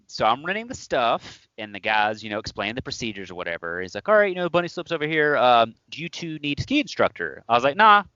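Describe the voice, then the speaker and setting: Male podcast co-host, animated storyteller, bright tone, dry close mic. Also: mid-range voice, quick pace, hardly any pauses, dry recording, muffled recording. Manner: animated, laughing, acts out quotes. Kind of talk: casual storytelling chat.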